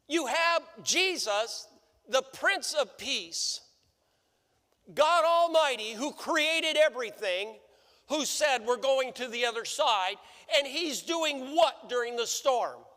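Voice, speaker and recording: Male pastor, very high bright voice, unhurried sermon delivery, long church reverb. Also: expressive. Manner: preaching with repeated rhetorical questions. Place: church sanctuary.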